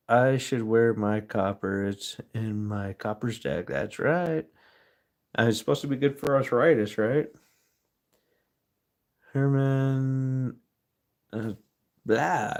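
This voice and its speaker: Male stream host, mid-range voice, slow and laid-back, chatting casually while he works. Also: mid-range voice, darkish tone. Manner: slow, easygoing, talks to chat while working. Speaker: livestream host. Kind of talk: casual livestream chat.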